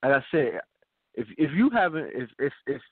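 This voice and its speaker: A man's voice: medium pitch, very animated, normal speed, slightly rough, no room sound. A man co-hosting a casual radio talk show, laid-back, who keeps checking in with his listener. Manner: laid-back, keeps asking "you feel me?". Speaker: co-host. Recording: dry, tinny phone-like sound.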